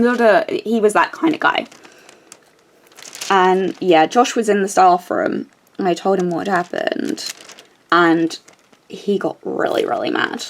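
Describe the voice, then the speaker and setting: A young woman crafting vlogger talks casually while working on a craft, telling a story with lots of fillers and restarts. Her voice is lowish and creaky, at a measured pace.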